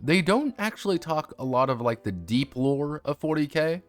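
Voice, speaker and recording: A man's voice: fairly high pitch, lively intonation, moderate pace, faint music behind. A man streaming a casual review of a tabletop game, rambling and swearing freely. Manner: rambling, profane, many fillers and restarts. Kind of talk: casual chat.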